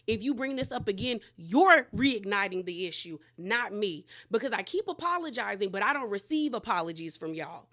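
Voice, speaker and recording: A woman with a bright, mid-range voice recaps a reality TV episode casually, speaking at normal speed with lively intonation and few pauses. She uses blunt slang and acts out the cast's dialogue as she goes.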